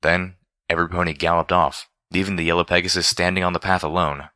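Male story reader, very low pitch, bright forward tone, steady storytelling. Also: fairly quick, dry recording, studio quality. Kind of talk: fan fiction read aloud.

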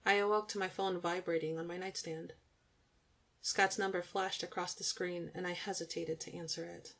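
Young female audiobook narrator, gravelly and on the low side, intimate and even. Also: normal speed.

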